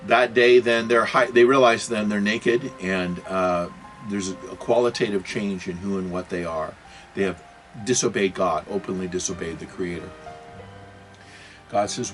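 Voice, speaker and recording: A man's voice: sits low, fairly even intonation, normal speed, fairly bright tone, faint music behind. Rambling man asking rhetorical questions. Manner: many fillers and self-corrections. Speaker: video host. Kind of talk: unscripted political and religious monologue.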